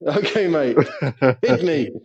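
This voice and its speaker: Brief: male podcast co-host, higher voice, unhurried, sweary, laughs constantly. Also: lively intonation, a little mellow, dull audio. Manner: sweary, laughs a lot, storytelling. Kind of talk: casual banter.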